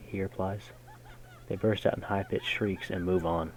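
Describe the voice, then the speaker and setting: A man reading a game's story text aloud in a measured way, breaking in with casual, slangy jokes as a gaming host. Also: low voice, steady tone, slight background noise, rough recording. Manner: measured narration broken by casual slangy comments. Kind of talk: reading game text aloud with jokey asides.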